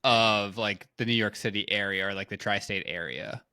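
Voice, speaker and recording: A man's voice: on the low side, moderate pace, sharp tone, smooth, dry recording, clean studio sound. A man from Nebraska co-hosting a podcast in casual chat, friendly and curious. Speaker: podcast co-host.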